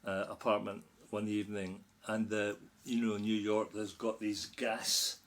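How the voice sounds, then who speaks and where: A man's voice: lowish voice, measured pace. A middle-aged Scottish man, a podcast guest chatting casually and telling an anecdote with growing animation. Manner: animated storyteller, laughs while telling anecdotes. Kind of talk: casual storytelling chat.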